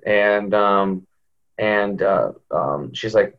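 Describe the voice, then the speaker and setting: A low-pitched man tells a story on a podcast, the sound dull and lo-fi. He talks with lively animation and keeps leaping up in pitch whenever he acts out what other people said. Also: fairly quick. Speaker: podcast guest. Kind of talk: storytelling in an interview. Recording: dull lo-fi audio.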